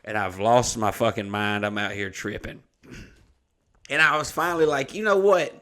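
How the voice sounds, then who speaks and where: On a podcast, a man tells a rowdy, animated story, swearing freely and breaking into laughter. His voice is lowish and moves at a normal speed.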